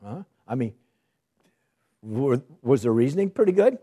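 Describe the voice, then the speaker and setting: A man's voice: on the high side, huge pitch swings, unhurried, pauses often, mellow, husky. A man preaching a sermon who reads scripture passages aloud and then explains them in a conversational way, putting questions to his listeners.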